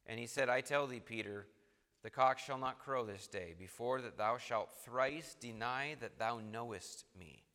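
Emphatic preacher in a reverberant hall. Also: male voice, medium pitch, measured pace, sharp tone. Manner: emphatic, rising and falling for stress; reads verses in old formal wording. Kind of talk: sermon reading scripture aloud.

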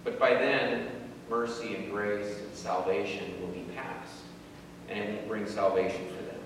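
A man's voice: on the low side, fairly even intonation, unhurried, distant mic. A man giving an informal sermon, thinking aloud with repeated words and rhetorical questions. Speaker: preacher. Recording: very echoey hall, voice from afar, faint noise.

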